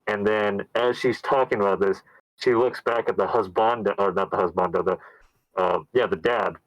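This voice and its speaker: A man's voice: lowish voice, fairly even intonation, normal speed, dry recording, lo-fi sound. A man hosting a casual podcast chat, retelling a horror movie scene in a loose, rambling way with plenty of fillers and swearing. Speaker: podcast host.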